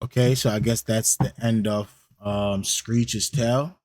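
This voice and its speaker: A man's voice: lowish voice, fairly even intonation, a little slow, darkish tone, no echo. Slangy rambling man reacting, dry sound. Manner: rambling, repeats lines back and muses on them; slangy, many fillers and restarts. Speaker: reaction channel host. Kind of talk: casual reaction commentary.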